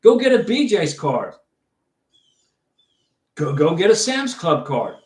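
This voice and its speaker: A man's voice: high voice, very animated, slow, darkish tone. A middle-aged man hosting a livestream, casually giving visa advice and reading out viewer questions in a chatty, reassuring way. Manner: chatty, repeats and restarts, reassuring. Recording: echoey room.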